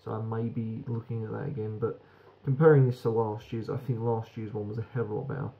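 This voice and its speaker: A man's voice: lowish voice, level tone, quick pace, gravelly, muffled recording. A British man giving a frank, rambling beer review that swears casually.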